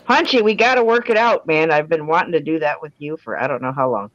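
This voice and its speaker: A woman's voice: low voice, lively intonation, fast talker, no echo. A woman artist chatting casually on a livestream, folksy and self-deprecating. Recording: dry, dull lo-fi stream audio.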